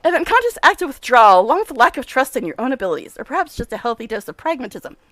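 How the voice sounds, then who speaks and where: Woman reading as a nutty lady scholar, high voice that swoops all over, brisk and lecturing, game dialogue. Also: big pitch swings, a bit bright, no room sound. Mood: eccentric. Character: eccentric, excitable female scholar obsessed with science.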